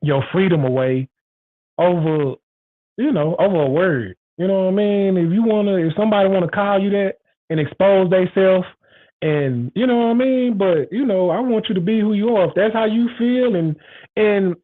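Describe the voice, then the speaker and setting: Over tinny, phone-quality audio, a male show host talks at a normal pace in a high voice. His casual monologue is frank and emphatic, wandering and circling back on the same points.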